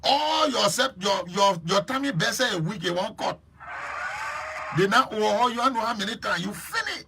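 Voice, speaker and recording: A man with a Liberian English accent hosting a live stream, chatting lively and preachy while teasing viewers by name. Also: high voice, moderate pace, a little hiss or hum. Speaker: host.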